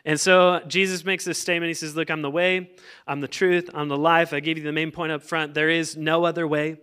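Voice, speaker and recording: Bright, clear-voiced casual male pastor. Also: a little high, level tone, brisk. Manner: casual, joking, many fillers and restarts. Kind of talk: conversational sermon.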